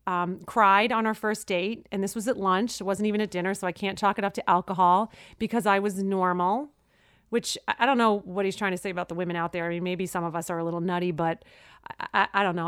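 Chatty New York woman, smooth voice. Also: medium pitch, fairly even intonation, brisk, a bit bright. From Brooklyn, New York. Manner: chatty and wry, telling dating stories. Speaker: podcast co-host. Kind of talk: casual chat.

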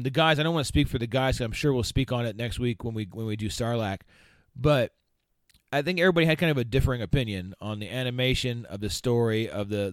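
A man hosts a casual podcast and rants in a heated, profane way. His voice sits at an ordinary middle pitch. The sound is dry and close, with no room around it. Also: no room sound. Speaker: podcast host.

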